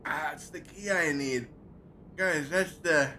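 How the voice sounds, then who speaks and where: A man's voice: a little high, slow, pushed and bright. Male streamer, burning mouth, groaning, faint room noise. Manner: groaning and yelping in pain from hot sauce. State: eyes watering, mouth burning. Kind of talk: live game stream chat.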